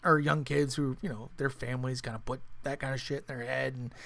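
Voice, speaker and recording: A man co-hosting a podcast, telling stories in a casual, animated way, swearing freely and acting out what people said. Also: medium pitch, fairly quick, creaky, dry recording. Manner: animated storyteller, swears freely, acts out quotes. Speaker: podcast co-host. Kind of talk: casual storytelling chat.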